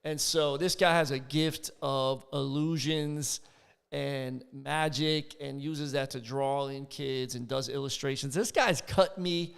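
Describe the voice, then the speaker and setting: Smooth-voiced enthusiastic podcast host man. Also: medium pitch, steady tone, slow, big-room sound. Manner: enthusiastic, heavy use of "like". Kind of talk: casual interview chat.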